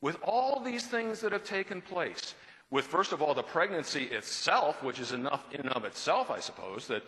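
A man's voice: fairly high pitch, big pitch swings, moderate pace, a bit bright. A man teaching a Bible study in a conversational, explanatory way, taking a question from the class and reading scripture aloud. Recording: long hall reverb.

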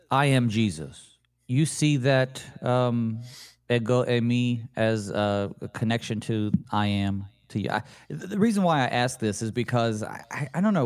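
A man joins the discussion as a guest pastor, working through his ideas out loud. He speaks tentatively and thoughtfully, pausing on fillers and wondering aloud before asking his partner's view. His pitch is ordinary for a man. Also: sing-song, no room sound. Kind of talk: conversational Bible study discussion.

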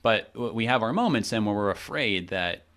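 A man co-hosting a Bible discussion, talking casually and acting out the people in the text with lively quoted voices. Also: lowish voice, moderate pace. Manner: animated, acts out quotes, many restarts. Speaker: Bible study podcast co-host. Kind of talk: conversational Bible teaching.

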